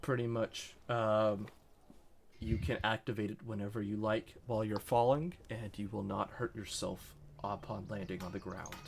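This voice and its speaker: A young man narrating as game master of a tabletop game, relaxed and full of ums. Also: fairly low pitch, creaky, a little hiss or hum. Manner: relaxed, many ums, slow when voicing shopkeepers.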